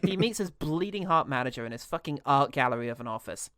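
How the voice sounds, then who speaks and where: A man's voice: medium pitch, animated, fast talker, a bit bright, no echo. Man, podcast co-host, sarcastic, mocking banter, dry close recording. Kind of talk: comedic film review chat.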